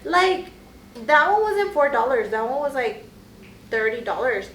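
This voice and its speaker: A woman's voice: sits high, big pitch swings, unhurried, a bit bright, echoey room, slight background noise, poor audio. A young woman co-hosting a casual podcast chat, blunt and emphatic with slangy talk. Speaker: podcast co-host.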